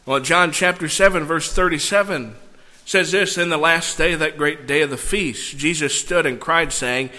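Bright-voiced preacher in a reverberant church. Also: male voice, fairly high pitch, moderate pace. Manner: animated, conversational asides between readings. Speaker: pastor. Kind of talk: sermon with scripture reading. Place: church sanctuary. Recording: long church hall reverb.

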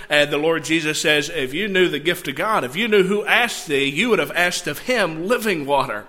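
A man preaching a sermon, reading scripture and breaking into animated, conversational asides. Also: on the high side, moderate pace. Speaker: pastor. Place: church sanctuary. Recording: long church hall reverb.

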